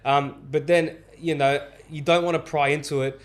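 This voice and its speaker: A man's voice: on the high side, steady tone, normal speed. A man hosting a podcast, telling a story in casual chat, earnest and stumbling over restarts. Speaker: podcast host and barber.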